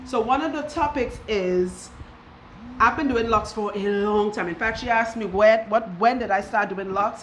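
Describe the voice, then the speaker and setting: Casual female host for a story time chat, laughs easily, middle-pitched, light noise behind. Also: poor audio. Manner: chatty, laughs often while telling stories. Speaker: loctician and show host.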